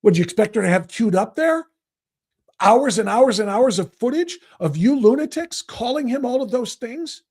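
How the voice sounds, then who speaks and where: A man hosting a political talk show, delivering heated commentary, ranting angrily with sarcastic jabs and bursts of shouting. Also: extremely high pitch, lively intonation, normal speed, husky. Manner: sarcastic, mocking.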